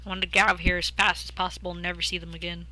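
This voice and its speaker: A woman's voice: lowish voice, level tone, racing, sharp tone. A young woman streamer, reading a game's story aloud and breaking off for jokey, chatty asides. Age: young adult.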